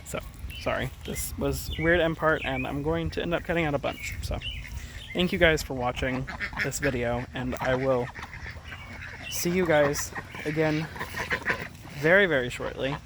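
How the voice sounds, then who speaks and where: A man's voice: fairly high pitch, unhurried. Rambling male gardener outdoors. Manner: rambling, self-correcting, chatty. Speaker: gardening vlogger. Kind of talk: casual rambling vlog. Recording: outdoor noise, sometimes far from mic. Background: birds and rural outdoor ambience.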